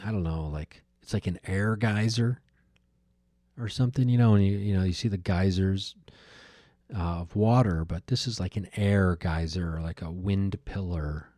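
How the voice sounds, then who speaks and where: A low-voiced man talks through a personal story on his podcast, musing and circling back with fillers and restarts. His tone is mellow and dark. The sound is dry and close, with no room around it. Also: normal speed, no room sound. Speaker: podcast host. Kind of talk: reflective solo monologue.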